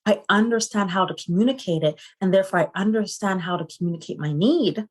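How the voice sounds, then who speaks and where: A woman's voice: mid-range voice, fast talker. A middle-aged woman speaking as a psychotherapist guest in a conversational interview, earnest and often ending points with rhetorical questions.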